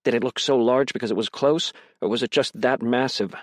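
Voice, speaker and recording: A man reading a crime mystery audiobook in first person, with a measured, tense delivery. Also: mid-range voice, no echo, clean studio sound. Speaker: audiobook narrator.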